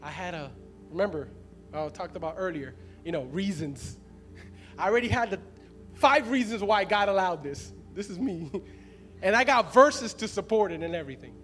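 With music in the background, a pastor in his thirties preaches a sermon, talking conversationally to the congregation and laughing often. His voice is high-pitched and a bit bright.

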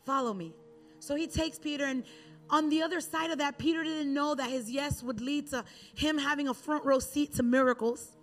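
A woman with a bright, high voice delivers a sermon as a relaxed, chatty story. A faint bed of music runs quietly underneath. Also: moderate pace. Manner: conversational storytelling with acted Bible quotes. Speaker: preacher.

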